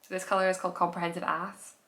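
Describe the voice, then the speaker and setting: A woman's voice: on the low side, little pitch movement, racing, fairly bright tone. A woman hosting her own podcast, chatting casually on camera at home with gushing enthusiasm and lots of trailing restarts. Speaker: podcast host. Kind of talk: casual chat.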